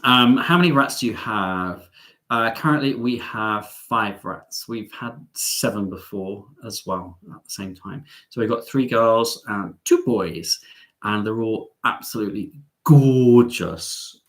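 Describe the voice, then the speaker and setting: A man's voice: on the low side, unhurried, pushed and bright. A middle-aged man hosting a live stream, chatting casually as he reads out viewer comments, with sarcastic, self-mocking asides and lots of ums.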